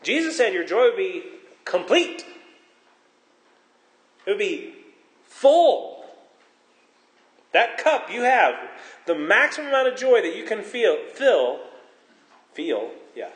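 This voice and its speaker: A middle-aged pastor preaching a sermon, animated and joking, asking the congregation rhetorical questions. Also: male voice, sits high, moderate pace, long pauses. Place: church hall. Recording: echoey church hall.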